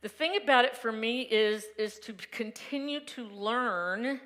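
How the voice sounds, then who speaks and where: This reverend's voice is a little high and a bit bright, and she takes her time. Standing in an echoing church sanctuary, she gives a candid Sunday message about her own life, talking conversationally and laughing often.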